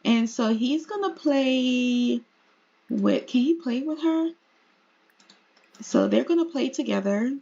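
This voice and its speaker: A woman's voice: high voice, slow, gravelly, pauses often, warm tone, slightly rough, highs cut off. A woman hosting a life-sim let's play, narrating in a chatty way with asides to viewers. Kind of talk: casual game narration.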